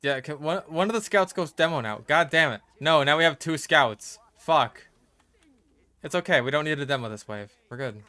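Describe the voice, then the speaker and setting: A man's voice: on the high side, lively intonation, normal speed, sharp tone. A young American man giving casual gameplay commentary, muttering and swearing to himself as he plays. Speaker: gaming streamer.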